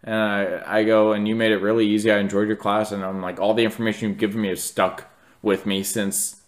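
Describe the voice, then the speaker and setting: A man's voice: fairly low pitch, little pitch movement, brisk. A young man in his twenties co-hosting a podcast, telling a story in casual, rambling chat full of fillers and acted-out quotes. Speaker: podcast co-host.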